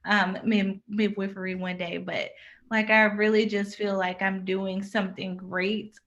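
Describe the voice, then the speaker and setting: A woman's voice: mid-range voice, little pitch movement, unhurried, fairly bright tone. Laughing, reflective woman on a dull line. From United States. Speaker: guest, birth worker. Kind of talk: casual interview answers.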